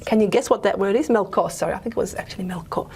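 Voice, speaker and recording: A woman's voice: mid-range voice, rapid-fire, creaky, darkish tone, slight background noise. A woman lecturer, giving a linguistics lecture in a chatty way, often stopping to correct herself. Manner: chatty, self-correcting, many fillers. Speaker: university lecturer.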